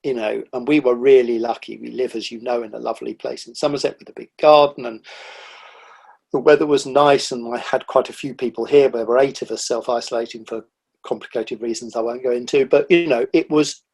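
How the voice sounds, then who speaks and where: A middle-aged man, a guest on a podcast, telling animated stories about the wildlife he sees, with lively quoted asides. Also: medium pitch, fairly quick, creaky, breathy edge. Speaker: guest, nature writer. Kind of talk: casual conversational interview.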